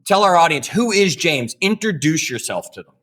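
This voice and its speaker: A man's voice: a little high, sing-song, moderate pace, a bit bright, slightly rough. A man co-hosting a podcast, chatting in an upbeat way. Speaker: podcast co-host. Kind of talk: podcast interview.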